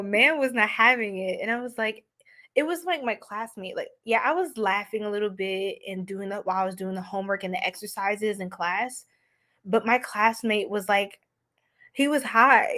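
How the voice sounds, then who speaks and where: A young woman with a fairly high voice chats to her live viewers in a loose, giggly way. She tells stories fast and fills them with likes and ums. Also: fairly bright tone. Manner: chatty and giggly, many fillers, quick storytelling. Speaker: psychic reader and livestream host. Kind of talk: casual livestream chat.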